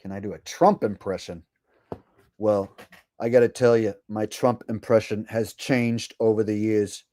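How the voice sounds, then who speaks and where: A man's voice: fairly low pitch, steady tone, measured pace, dark tone, dry recording, clean studio sound. Profane, boastful male livestream host. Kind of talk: casual livestream rant.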